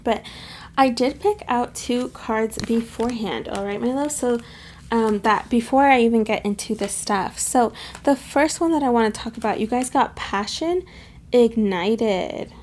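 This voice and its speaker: A woman's voice: on the high side, measured pace, a little mellow, slight background noise. A woman giving a casual pick-a-card tarot reading, chatty and gushing, with lots of fillers and affectionate asides. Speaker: tarot reader.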